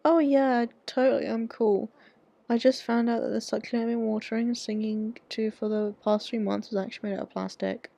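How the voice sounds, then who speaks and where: A woman's voice: a little high, steady tone, brisk, gravelly, warm tone, no room sound, highs cut off. A woman voicing a flippant, sarcastic teenage girl talking to her dad in a game. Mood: breezy. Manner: breezy and sarcastic.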